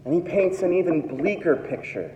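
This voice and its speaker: Brief: male pastor, 30s, dramatic sermon delivery, mellow tone, long hall reverb. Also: on the high side, expressive, normal speed, slight background noise. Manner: dramatic, acts out quoted voices. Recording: echoey hall, dull lo-fi sound.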